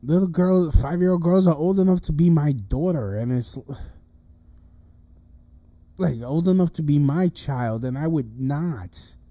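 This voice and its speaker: Thirties male streamer, dark, unhurried voice, cursing and agitated in a solo rant. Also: fairly high pitch, no room sound. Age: 30s. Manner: profane, agitated ranting with many restarts. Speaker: livestream host. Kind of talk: ranting livestream monologue.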